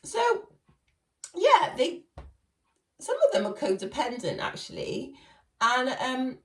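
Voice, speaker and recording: Slow-talking woman reading tarot. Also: high-pitched, very animated. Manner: chatty, laughs often, addresses viewers as guys. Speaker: tarot reader. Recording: echoey room, far from mic.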